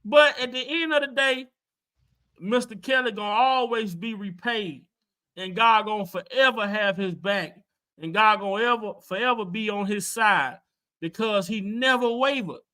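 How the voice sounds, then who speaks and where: A woman's voice: medium pitch, normal speed, pushed and bright. A woman in a casual livestream opinion chat, speaking fervently and repeating words as she testifies.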